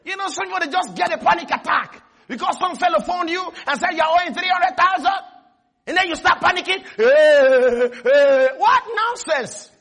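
A man preaching a sermon in an animated way, acting out little scenes and leading the congregation in call and response. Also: very high-pitched, fast, gravelly.

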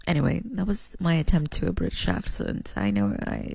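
A man's voice: on the high side, very animated, a little fast, creaky, few pauses, a little mellow, breathy edge, no echo. A man casually sharing fun facts in a playful, self-mocking way. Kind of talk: casual chat.

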